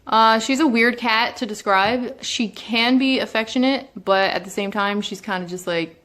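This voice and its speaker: A young woman casually introducing her pet cats at home, chatty, sometimes slipping into high baby talk for them. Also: moderate pace, fairly bright tone. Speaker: vlogger. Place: home, indoors.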